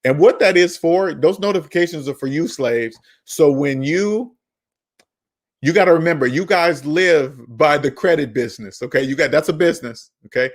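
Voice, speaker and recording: A man's voice: a little high, moderate pace. A man hosting a personal finance channel, talking in an emphatic, preachy way, repeating his points and scolding viewers. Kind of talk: emphatic monologue.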